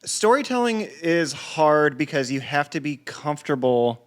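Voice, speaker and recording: A man's voice: a little high, very animated, normal speed. A man, a comedian guest on a podcast, telling stories in casual chat, rambling with many restarts and frequent swearing.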